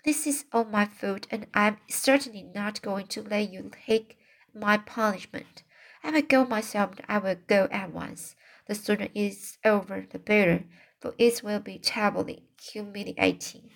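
A woman reading aloud, voicing an impulsive, excitable young girl in distress, fretful and pleading. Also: mid-range voice, unhurried, vocal fry. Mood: determined.

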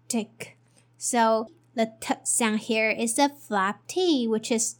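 Slow high-voiced woman teaching English. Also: a bit bright. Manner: spells letters and repeats each word twice.

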